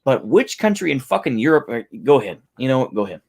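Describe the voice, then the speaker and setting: A man's voice: medium pitch, very animated, quick pace, gravelly, darkish tone. Man ranting, profane and incredulous. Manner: heated, incredulous, swears a lot. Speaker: commentator reacting to a video.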